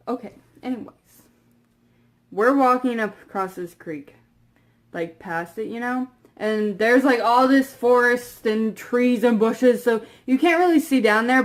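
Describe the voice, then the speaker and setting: A young woman tells a story to her camera at an unhurried pace, her voice sitting a little high. She rambles, piles on fillers and lets her asides drop off quietly. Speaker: vlogger.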